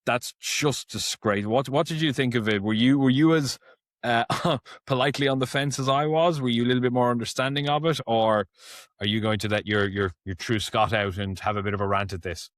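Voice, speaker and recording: A man's voice: mid-range voice, steady tone, brisk, no room sound, clean studio sound. A man hosting a casual motorsport podcast, talking loosely and often restarting his phrases. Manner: chatty, restarts phrases, reads sponsor plugs. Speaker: podcast host.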